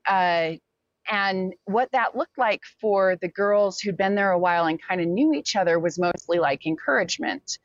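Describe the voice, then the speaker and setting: Speaking at a normal speed in an animated, medium-pitched voice, a young woman being interviewed recounts something from her own life. She's candid, using lots of fillers and quoting others along the way. The recording is dry, dull and lo-fi.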